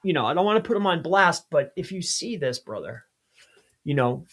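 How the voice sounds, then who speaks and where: A man's voice: on the high side, very animated, normal speed, fairly bright tone. A man giving a screen-share tutorial as an SEO consultant, speaking emphatically and addressing viewers directly.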